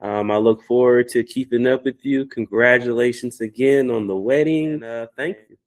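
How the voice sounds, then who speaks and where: A man's voice: medium pitch, moderate pace, a little mellow. A man hosting an interview, giving short affirming replies and friendly thanks. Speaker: podcast host. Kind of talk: interview wrap-up.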